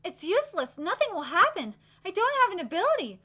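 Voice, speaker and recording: A woman voicing a gloomy, sulky girl princess in a manga read-aloud, flat and resigned. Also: very high voice, brisk, full character voice.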